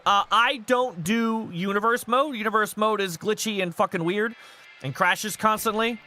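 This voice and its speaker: Lively high-voiced male streamer. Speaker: streamer hosting a wrestling game show. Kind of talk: casual live-stream chat.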